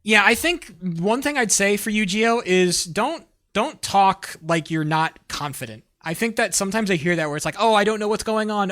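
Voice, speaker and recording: A man's voice: sits high, fairly bright tone. A man streaming live, coaching a caster in a blunt, profane, emphatic way with rambling restarts.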